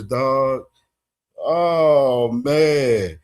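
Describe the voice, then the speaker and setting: A man's voice: mid-range voice, a little slow. Laid-back slangy man hosting a stream. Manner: slangy, laughs hard, repeats himself. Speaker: boxing show host. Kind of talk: casual streamed commentary.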